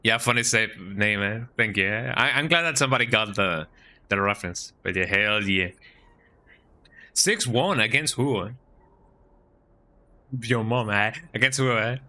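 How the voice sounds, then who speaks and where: A man's voice: lowish voice, a little slow, pauses often, pushed and bright. A man streaming a video game, rambling and joking in casual commentary, with lots of "eh?" and "you know".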